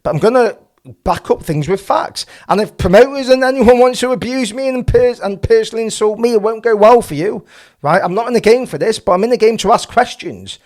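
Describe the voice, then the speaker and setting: A man's voice: high voice, a little fast, darkish tone. A man hosting a boxing channel, giving passionate, opinionated commentary full of rhetorical questions.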